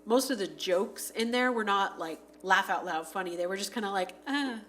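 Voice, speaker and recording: A woman's voice: medium pitch, a bit bright, a little hiss or hum. Chatty woman reviewing a movie. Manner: chatty, says "like" often, acts out scenes in quick voices. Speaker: podcast panelist. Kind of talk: casual movie review chat.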